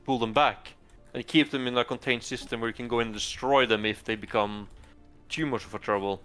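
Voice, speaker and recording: A man chatting in a game session, explaining his strategy as he thinks it through. His voice is smooth and clear at a middle pitch. Faint music sits underneath. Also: fairly even intonation, brisk, pushed and bright. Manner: thinks aloud with fillers and restarts, explains strategy. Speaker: player. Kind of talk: casual gaming chat.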